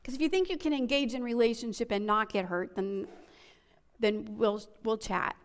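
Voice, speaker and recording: Animated woman preaching in a hall. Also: a little high, normal speed. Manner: animated preaching, swinging from soft to loud. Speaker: pastor. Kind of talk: sermon. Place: church sanctuary.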